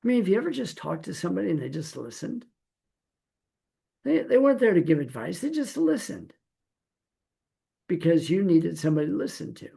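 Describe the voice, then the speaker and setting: A middle-aged man gives a Torah teaching in a relaxed sermon style, talking to his listeners as if face to face. His voice is warm and gravelly, set a little high for a man. He keeps it folksy, with playful asides and one rhetorical question after another. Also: fast. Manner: conversational preaching with rhetorical questions.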